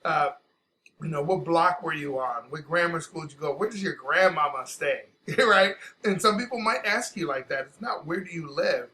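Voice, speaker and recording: Bright-voiced man with animated, slangy chat. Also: fairly high pitch, normal speed, a little hiss or hum. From Chicago. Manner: animated, slangy, laughs often. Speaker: co-host. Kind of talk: casual travel chat.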